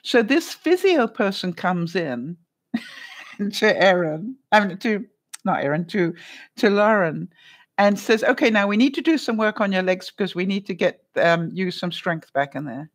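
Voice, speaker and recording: Laughing woman live-streaming with lively pitch. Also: normal speed. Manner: laughs often while telling a story; acts out other people's lines. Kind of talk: casual live-stream chat.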